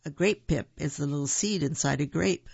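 A storyteller voicing a polite, earnest young male bear who loves marmalade, soft and a little gravelly, in a dull, dry recording. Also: medium pitch, moderate pace, dry recording.

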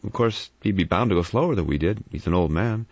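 A man voicing a cautious middle-aged doctor in an audiobook, measured and doubtful. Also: deep voice, lively intonation, darkish tone, husky, no room sound, highs cut off, pitched above the performer's own voice, exaggerated voice.

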